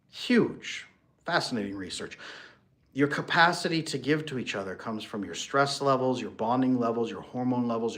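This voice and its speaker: A man gives marriage advice in a direct, emphatic monologue, like a relationship coach speaking to his audience. His voice sits at an ordinary middle pitch. He leans on repetition and rhetorical questions to drive his points home. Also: a bit bright. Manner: emphatic, rhetorical questions, acts out quoted partners.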